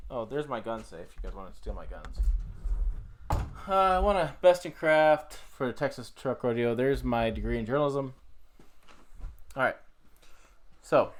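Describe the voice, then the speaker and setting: Rambling man on a livestream. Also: mid-range voice. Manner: rambling, self-correcting, swears casually. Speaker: channel host. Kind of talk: casual livestream chat. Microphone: desk USB microphone.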